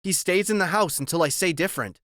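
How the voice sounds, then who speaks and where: A man's voice: high-pitched, fast, a bit bright, dry recording, studio quality, voice pushed up. A man voicing a strict, protective mother giving firm orders in an audiobook. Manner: firm, commanding.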